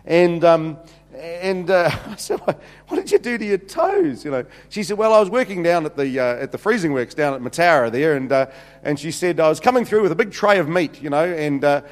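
Joking New pastor in a hall. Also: male voice, a little high, fairly quick. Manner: chatty, jokey, many restarts and "you know"s. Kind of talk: humorous sermon storytelling. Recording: reverberant hall.

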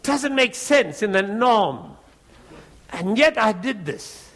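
Animated high-voiced male preacher storyteller. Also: takes it slowly. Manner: animated storyteller, acts out both sides of dialogue. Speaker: preacher giving a testimony. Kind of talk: storytelling testimony sermon.

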